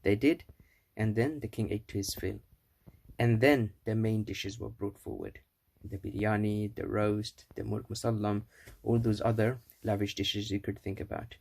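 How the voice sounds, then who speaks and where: A low-voiced man casually retelling an old fable, a bit rambling and full of little restarts. he sounds unhurried and chatty, like talking to friends. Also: steady tone, gravelly, darkish tone. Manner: rambling, with restarts and self-corrections. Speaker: storyteller. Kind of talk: casual storytelling.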